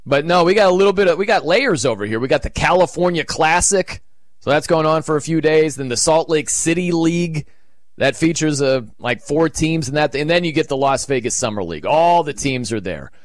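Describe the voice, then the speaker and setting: A male radio sports host with a somewhat high voice, talking loosely and with energy. He swings up into excited shouts and drops low when he turns deadpan, and the sound is dry and close. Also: a little fast, no room sound. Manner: animated, acts out quoted reactions. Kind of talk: casual sports talk.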